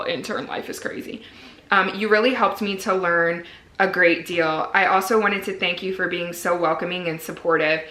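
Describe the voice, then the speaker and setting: A woman's voice: lowish voice, pushed and bright, roomy sound. A woman in her twenties, a medical resident, talking casually to camera with lots of "like" fillers and a candid, earnest manner. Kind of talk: casual vlog talk to camera.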